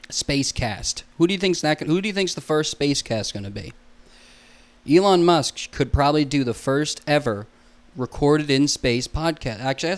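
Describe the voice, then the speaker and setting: A young man hosting a solo podcast alone in a room, goofy and self-mocking, rambling and swearing a lot. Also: medium pitch.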